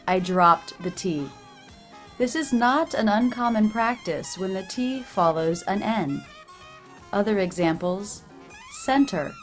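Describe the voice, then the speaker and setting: A woman teaching pronunciation, clearly and deliberately repeating example phrases. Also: mid-range voice, lively intonation, soft background music. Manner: clear, deliberate, over-enunciated demonstrations.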